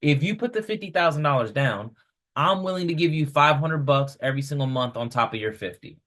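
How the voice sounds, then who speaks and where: A man voicing an eager young woman investor making a persuasive pitch to a friend. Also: animated, fairly quick, a bit bright. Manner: persuasive, upbeat.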